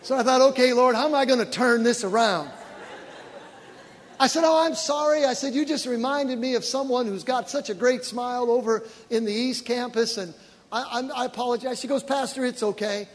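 A man, a pastor, preaching a sermon with animated storytelling that rises to shouted praise. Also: extremely high pitch, normal speed, slight background noise. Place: large church auditorium. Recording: long reverb of a large church hall with congregation. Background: faint congregation.

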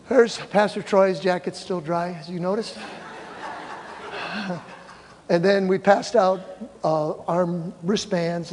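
Animated older male pastor in a hall. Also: high voice. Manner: animated storytelling, acts out quoted voices. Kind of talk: church mission report with slides. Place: church hall. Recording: reverberant church hall.

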